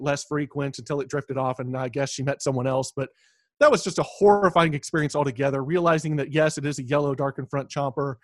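A man with a somewhat high voice tells a dating story at an easy, halting pace. He keeps pausing on small fillers as he goes. The recording is dry and close. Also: dry recording. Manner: relaxed, halting delivery with fillers. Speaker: podcast co-host. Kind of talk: casual storytelling chat.

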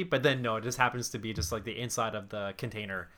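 A man's voice: fairly low pitch, fairly even intonation, fast, pushed and bright. A man co-hosting a casual movie podcast, chatty and often restarting his sentences. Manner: chatty, with frequent restarts and fillers. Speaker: podcast co-host.

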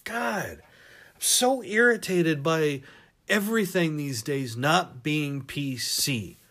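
A man hosting a podcast, ranting in a profane, animated monologue and laughing at his own jokes. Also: a little high, slow pace. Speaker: podcast host.

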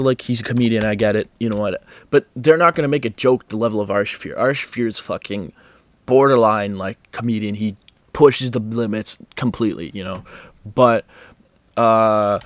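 A man's voice: on the low side, dry recording. A man hosting a casual podcast, rambling and swearing, with many restarts. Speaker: podcast host.

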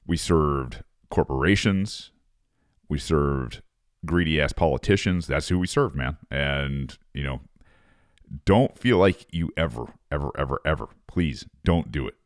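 A man's voice: a bass voice, a little slow, dry recording, studio quality. A man, a former Marine, reading an article aloud and ranting over it in a profane, sarcastic casual monologue.

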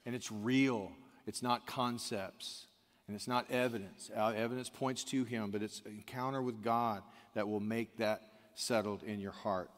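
A man's voice: lowish voice, fairly even intonation, normal speed. A man preaching a sermon, telling a story in a conversational way and calling out to the congregation. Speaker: pastor. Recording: long hall reverb.

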